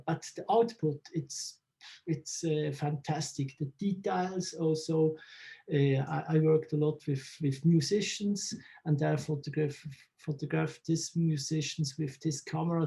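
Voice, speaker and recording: A man from Switzerland answers interview questions in halting English, often searching for words. His voice is gravelly and mellow, and he talks at a slow, unhurried pace. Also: on the high side. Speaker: photographer interviewee.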